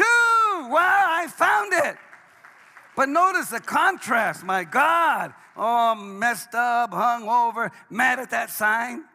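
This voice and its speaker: A man, a pastor, preaching a sermon, swinging between hushed lines and shouted ones. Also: a little high. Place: church sanctuary. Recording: long hall reverb.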